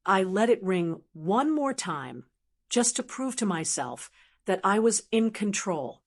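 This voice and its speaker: An older woman narrating a first-person story in a calm, measured, quietly firm way. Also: mid-range voice.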